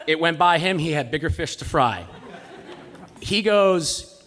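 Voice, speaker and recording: A man's voice: fairly high pitch, lively intonation, a little slow, fairly bright tone. A man telling a personal story live on stage, with a comic, self-mocking delivery. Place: live stage in a cultural center.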